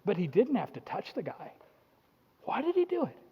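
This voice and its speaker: A high-voiced man preaching in a lively, joking way, slipping into little acted-out voices for the people in his story. His voice rings with the long reverb of a church hall, and the sound is a bit dull and muffled. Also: moderate pace, husky. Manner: animated, jokey preaching with acted-out quotes. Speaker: pastor. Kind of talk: sermon.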